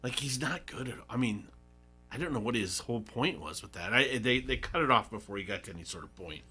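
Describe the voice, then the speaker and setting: A middle-aged man hosting sports talk radio, swinging his pitch widely as he rambles and gets worked up. His voice is bright and forward. Faint music plays underneath. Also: a little fast, breathy edge. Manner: animated, rambling, indignant. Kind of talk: casual sports radio banter.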